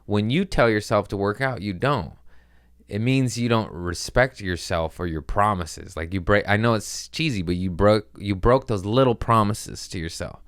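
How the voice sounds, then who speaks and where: A man's voice: lowish voice, normal speed, fairly bright tone, smooth, no room sound, studio quality. A man hosting a podcast, rambling through a profane, self-mocking comedic monologue in casual chat. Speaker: podcast host.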